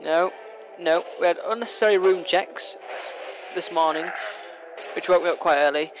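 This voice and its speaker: Narrating his game run, a young man speaks in a high, light voice, rambling quickly and teasing the enemy in casual let's play commentary. A steady hiss of background noise runs under this noisy home recording.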